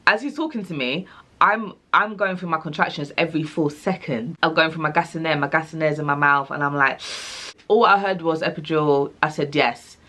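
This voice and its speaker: Young woman, low voice, casual vlog storytelling, acts out voices. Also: brisk. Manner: animated, acts out quoted dialogue. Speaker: vlogger.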